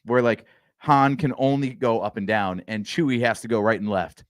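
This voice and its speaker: A man with a mid-pitched voice co-hosting a casual podcast, laid-back and joking, with the odd casual curse. His sound is dry and right on the mic. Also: moderate pace, no echo. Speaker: podcast co-host.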